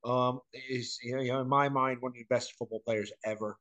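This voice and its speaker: A man's voice: mid-range voice, steady tone, normal speed, a bit bright. A middle-aged man hosting a podcast, talking bluntly and emphatically, repeating his points and swearing casually. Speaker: podcast host. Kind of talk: casual chat.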